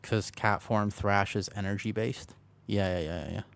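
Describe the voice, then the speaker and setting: A man livestreaming a game, chatting casually and playfully with viewers while keeping his voice quiet to rest a sore throat, close to his desk microphone. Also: fairly low pitch, steady tone, normal speed, creaky, clear, resonant tone. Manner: playful, chatty, talks to chat by name. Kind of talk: casual chat while gaming.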